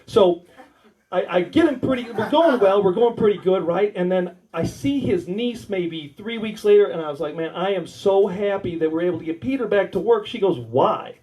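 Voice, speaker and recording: A man's voice: sits high, expressive, moderate pace, mellow, rough recording. A man with an American accent doing crude, rambling stand-up stories at a small warehouse comedy night, acting out the dialogue. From United States. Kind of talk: stand-up storytelling.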